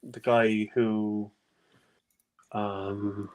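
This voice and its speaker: A man's voice: lowish voice, little pitch movement, drawn-out words, darkish tone. A man joining a live stream as a guest, chatting casually, agreeing readily and hesitating with fillers. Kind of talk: casual chat.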